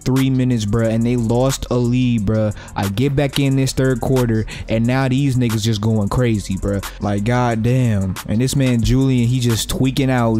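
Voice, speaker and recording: A young man giving live, profane, trash-talking commentary over his own basketball video game play, breaking into sudden excited yelps. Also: mid-range voice. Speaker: gaming YouTuber.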